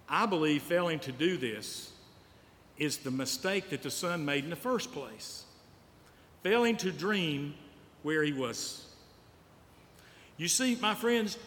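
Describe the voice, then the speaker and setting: With a fairly high, slightly bright voice, this man preaches as pastor, repeating key lines to drive them home and weaving in stories. The recording comes from a church sanctuary, carrying hall reverb and a bit of faint noise.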